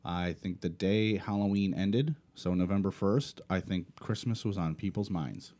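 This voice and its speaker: A man with a low, mellow voice who hosts a casual podcast. He rants with steady conviction and swears freely, and his tone stays dark and unhurried. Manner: profane, ranting. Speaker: podcast host.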